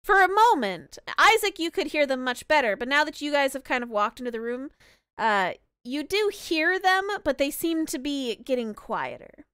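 A woman's voice: high voice, very animated, normal speed, a bit bright, no echo, studio quality. A woman narrating as game master of an online tabletop game, rambling with frequent restarts.

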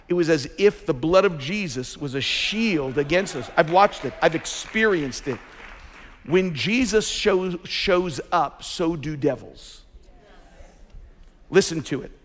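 A man preaching a sermon as a pastor, talking in an emphatic way and swelling louder on his key points. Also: on the high side. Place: large church sanctuary. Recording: long hall reverb from a big church.

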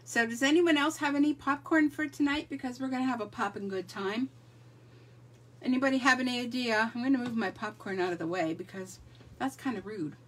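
A woman's voice: fairly high pitch, a little fast, far from the mic, slight background noise. A middle-aged woman hosting a live crafting stream, chatting casually and greeting viewers by name. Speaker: livestream crafting host.

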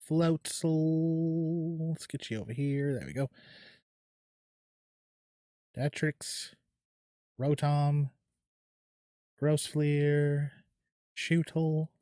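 A man's voice: on the high side, dry recording, clean studio sound. A man filming a card pack unboxing at home, talking to himself as he sorts cards into piles and gasping and tearing up over his good pulls, speaking into a desk mic. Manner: excitable, gasping, near tears; talks to himself while sorting cards. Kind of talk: casual unboxing commentary. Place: home at night, quiet.

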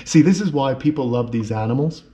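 A man hosting a reptile vlog, narrating in a casual, excitable way that sometimes tips into yelling. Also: mid-range voice, fairly quick. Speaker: vlog host and reptile keeper.

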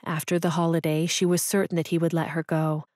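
A woman narrating an audiobook in a calm, even storytelling manner. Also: deep voice, fairly quick, no echo, clean studio sound. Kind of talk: scripted narration.

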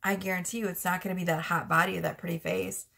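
A woman's voice: fairly low pitch, level tone, fast, creaky, bright, forceful tone. A woman giving a casual tarot reading to camera, chatty and frank, often laughing. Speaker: tarot reader.

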